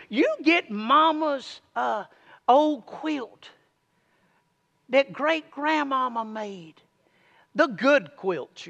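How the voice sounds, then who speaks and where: A man's voice: very high voice, vocal fry, sharp tone, long reverb tail. A man preaching a sermon, urging his listeners to repeat lines back to him.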